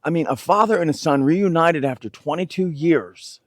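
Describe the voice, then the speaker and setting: A man's voice: fairly high pitch, dry recording, studio quality. A man teaching scripture in a conversational way, often stumbling over and repeating words as he explains. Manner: halting, repeats words and restarts phrases. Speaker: Bible teacher.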